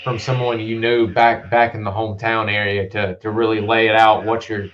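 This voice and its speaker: A man's voice: lowish voice, flat delivery, moderate pace, a bit bright. A man hosting an interview, reacting briefly and asking follow-up questions. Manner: short reactive responses and questions. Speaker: podcast host. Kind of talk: casual interview. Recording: dull lo-fi line with faint noise.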